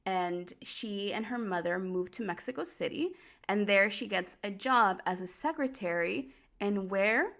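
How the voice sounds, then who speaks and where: A woman hosting a show, recapping a story in a casual, animated way, full of "like" and quick laughs. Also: mid-range voice, vocal fry. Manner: chatty, animated, lots of "like", laughs easily. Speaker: host.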